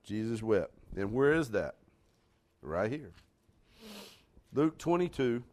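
A man delivers a folksy sermon. His pitch swings widely, and he breaks into sudden loud bursts between homey asides. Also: very animated, slow pace. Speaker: pastor.

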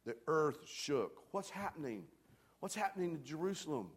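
A man's voice: a little high, very animated, moderate pace, slightly rough. Emphatic preaching man. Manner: emphatic preaching that swings from loud calls to hushed near-whispers; addresses the congregation directly with questions. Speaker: pastor. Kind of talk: sermon.

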